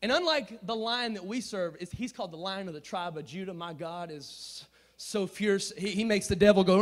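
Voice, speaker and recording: A man preaching a storytelling sermon in slangy, casual talk, swinging from hushed asides to shouting. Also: high voice, normal speed. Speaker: youth preacher.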